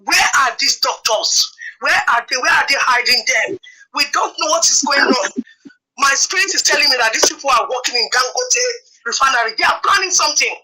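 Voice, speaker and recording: Lady calling in, urgent and pleading, high pitched voice. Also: lively intonation, a little fast, sharp tone, rough recording. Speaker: call-in caller. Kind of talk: call-in comment.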